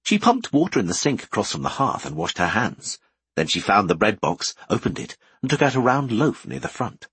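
Husky, lively male fantasy narrator. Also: on the low side, brisk, no room sound. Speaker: audiobook narrator.

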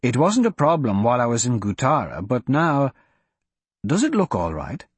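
A man reading an audiobook, voicing an ancient, cryptic male wizard who speaks in a measured, grave and blunt way. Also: mid-range voice, wildly swooping pitch, slightly rough, dry recording. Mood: calm. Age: older.

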